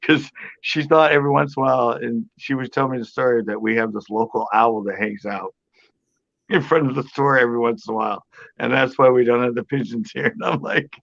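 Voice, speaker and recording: A man's voice: mid-range voice, fairly quick, gravelly, lo-fi sound. A man chatting casually on a podcast panel, telling a story with lots of laughter and acted-out quotes. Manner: animated storyteller, acts out quoted voices, laughs a lot.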